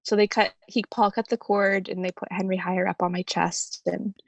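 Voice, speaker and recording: A woman guest telling her own story in an emotional interview, tender, with soft laughter through tears. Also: mid-range voice, little pitch movement, moderate pace, creaky, no room sound.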